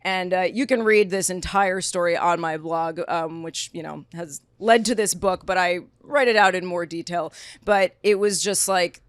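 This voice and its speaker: A young woman chats as a podcast guest, telling her story with lively, animated delivery and acted-out quotes. Her voice sits at a middling pitch. The sound is dry and close, with little room. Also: dry recording. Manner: animated storyteller, acts out quotes, many likes. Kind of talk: casual chat.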